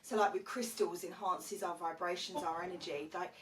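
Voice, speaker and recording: A woman's voice: fairly low pitch, fairly even intonation, moderate pace, far from the mic, rough recording. A woman co-host musing loosely about energy in a casual podcast chat.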